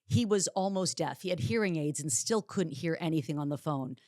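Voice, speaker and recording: A woman's voice: deep voice, lively intonation, brisk, no echo, studio quality. Candid woman hosting a solo podcast. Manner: candid and chatty, with dark jokes. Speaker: podcast host. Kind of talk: solo podcast monologue, casual storytelling.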